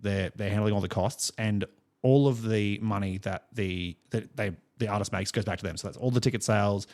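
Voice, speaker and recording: A man's voice: fairly low pitch, a little fast, darkish tone. An Australian man co-hosting a music podcast, chatting casually and telling rambling stories with many fillers and laughs. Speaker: podcast co-host. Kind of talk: casual chat.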